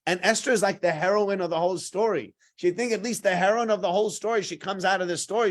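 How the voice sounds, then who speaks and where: A man teaches a weekly Torah portion class. He tells the story in a lively, animated way and drops in Hebrew and Yiddish terms. His voice sits a little high for a man. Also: fast.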